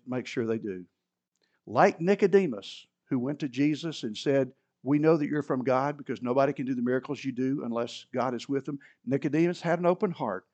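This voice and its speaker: A man preaching a sermon in a church, moving between loud emphatic repetition and low conversational asides. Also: dull audio. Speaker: pastor.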